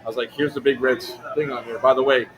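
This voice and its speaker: A man casually telling a long, profane story, quick and animated. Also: medium pitch, over music. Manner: fast, animated, swearing anecdote teller. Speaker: livestream co-host. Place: outdoor airsoft event. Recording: noisy event ambience.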